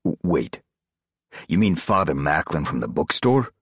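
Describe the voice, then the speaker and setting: A man voicing a tough but friendly male ex-Navy SEAL, speaking in a plain, direct, husky way. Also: very deep voice, big pitch swings, measured pace, no echo, studio quality, full character voice.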